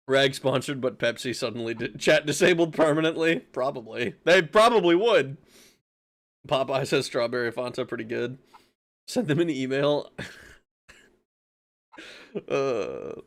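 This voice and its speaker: A man's voice: a little high, a bit bright. A man streaming a game, chatting casually with his viewers, reading out chat, laughing and swearing, with frequent restarts.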